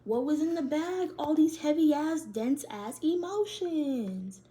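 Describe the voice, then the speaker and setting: A woman's voice: high voice, lively intonation, measured pace, dark tone, slight background noise. A young woman, doing a casual tarot reading in loose, profane slang and laughing often. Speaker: tarot reader.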